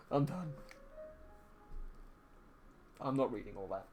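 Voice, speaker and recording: A man's voice: mid-range voice, a little mellow, slight background noise. A man chatting casually with his viewers on a livestream while he paints, playful and jokey as he reads the chat aloud. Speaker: livestreaming artist.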